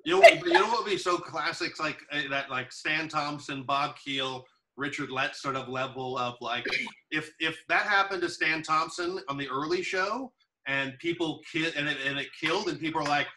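A man's voice: a little high, expressive, normal speed, pushed and bright, recorded from a distance, a little hiss or hum, poor audio. Rambling man telling stories off mic. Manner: rambling storyteller, many fillers. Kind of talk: casual chat.

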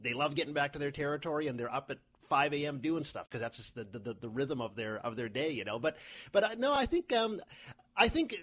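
Brief: fast-paced, joking man in a relaxed podcast chat. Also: fairly high pitch. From Canada. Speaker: comedian guest.

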